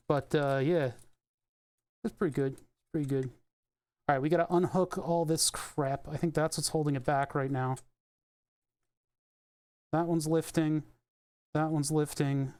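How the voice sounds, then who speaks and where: Rambling streamer man, fairly high voice. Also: darkish tone. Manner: thinks aloud, rambling, swears casually. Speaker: streamer doing car electronics repair. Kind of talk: casual live-stream commentary.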